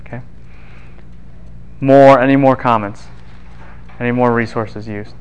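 A man giving a university classroom lecture in a relaxed, joking way, often acting out what other people would say. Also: mid-range voice, unhurried, clear, resonant tone, low-quality recording. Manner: casual, quips and acts out voices of students and scholars.

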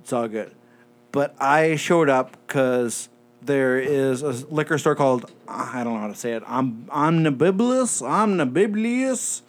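A man telling a rambling story as a guest in a casual podcast chat. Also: mid-range voice. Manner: rambling storyteller, quick bursts.

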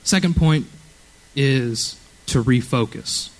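A man's voice: mid-range voice, takes it slowly, poor audio. A young man preaching at a church youth service, earnest and conversational, often checking in with "okay?". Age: young adult. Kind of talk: sermon.

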